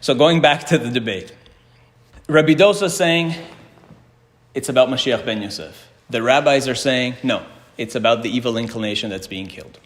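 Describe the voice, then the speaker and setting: Speaking at a moderate pace and a steady middle pitch, a male Torah teacher runs a Talmud class: he reads out every Hebrew and Aramaic line, explains it in English and asks the room questions. A long reverb makes him sound like he's in a hall.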